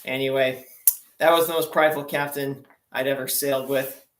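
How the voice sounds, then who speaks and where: A man's voice: mid-range voice, fairly even intonation, moderate pace, slight background noise. A young man telling rambling sea-story jokes as a stand-up comedian, with lots of fillers. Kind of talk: joke-telling sea stories. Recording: echoey room.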